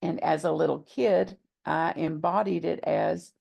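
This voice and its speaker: A woman minister speaks in a low, deeply gravelly voice, teaching a gathered congregation. She talks deliberately and reflectively, coming back to key phrases to stress them. Her voice is captured close and dry, with little room sound. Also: fairly even intonation, a little mellow, dry recording. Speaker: minister and author. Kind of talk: teaching talk to a live congregation. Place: gathering with a live audience.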